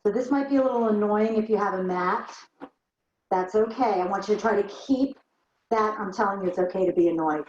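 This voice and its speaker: Through slight background noise, a woman with a medium-pitched, slightly mellow voice talks a little fast. She's a barre instructor guiding a workout, counting reps and explaining moves while she performs them, a touch out of breath, recorded in roomy, dull lo-fi sound.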